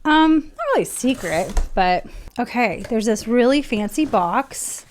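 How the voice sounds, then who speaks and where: A woman's voice: on the high side, animated, unhurried, slight background noise. A woman chatting casually through an unboxing, emotional and gushing, near tears at times. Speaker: vlogger.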